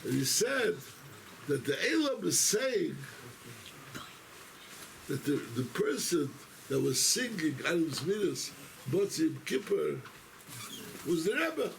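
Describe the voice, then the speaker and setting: A man's voice: fairly high pitch, big pitch swings, slow pace, gravelly, slight background noise, poor audio. A man speaking as a rabbi, telling a rambling, self-interrupting story to his congregation in a synagogue.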